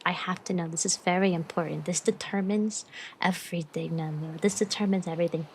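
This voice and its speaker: A woman's voice: on the low side, moderate pace, darkish tone, a little hiss or hum, rough recording. A woman streamer chatting casually and bubbly with her live chat, greeting viewers and giggling often.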